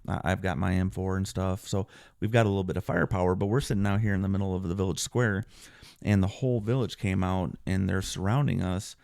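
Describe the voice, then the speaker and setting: A man, a military veteran, recounting his deployment in an earnest podcast interview, often clearing his throat and restarting sentences. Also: deep voice, a little mellow, dry recording, studio quality.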